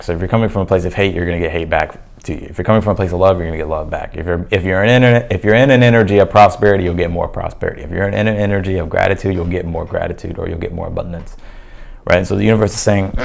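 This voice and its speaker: A man with a very low voice and a gravelly, fry-laden edge talks through a tarot spread for his viewers. He is loose and chatty, leaning on fillers and restarting his sentences, and sounds a little hoarse, as if he is losing his voice. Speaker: tarot reader. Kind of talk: casual tarot reading to camera.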